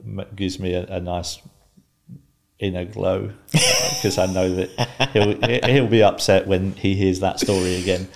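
A man in his fifties, a guest on a podcast, telling a story calmly and wryly, often laughing. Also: sits low, normal speed, creaky. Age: 50s. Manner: calm, wry, laughs while telling a story. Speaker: interview guest.

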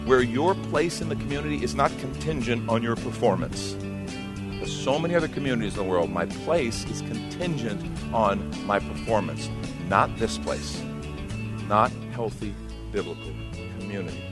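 A man preaching a sermon as pastor, conversational and passionate, with sudden loud bursts. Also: medium pitch.

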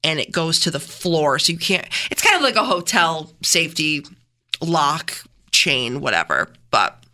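Emphatic, bright-voiced woman. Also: sits low, unhurried. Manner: animated, emphatic and earnest. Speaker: co-host of a morning radio show. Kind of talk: casual radio chat. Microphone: studio microphone.

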